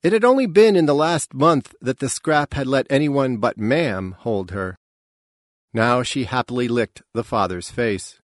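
A man reading a novel aloud in a measured, even storytelling manner. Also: medium pitch, dry recording, clean studio sound. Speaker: narrator. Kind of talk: scripted narration.

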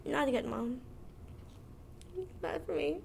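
A woman's voice: fairly high pitch, very animated, takes it slowly, creaky, a little mellow, slight background noise. A nineteen-year-old woman, talking frankly and chattily about her life, laughing as she goes. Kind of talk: candid personal monologue.

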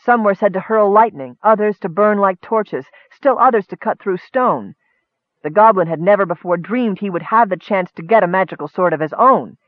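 A man reading a fantasy story aloud in steady narration. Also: sits high, moderate pace, no room sound. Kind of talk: audiobook narration. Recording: tinny phone-like line, dry.

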